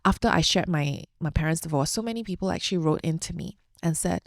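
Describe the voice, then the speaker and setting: A woman's voice: low-pitched, quick pace, few pauses, no room sound, studio quality. A young adult woman hosting a podcast, sharing a personal story in an open, heartfelt, chatty way with fillers. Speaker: podcast host.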